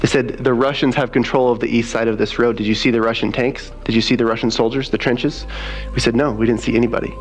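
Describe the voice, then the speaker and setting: Gravelly man telling a testimony. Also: mid-range voice, quick pace, soft background music, low-quality recording. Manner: animated storytelling, quoting others. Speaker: missionary telling his story. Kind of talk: spoken testimony.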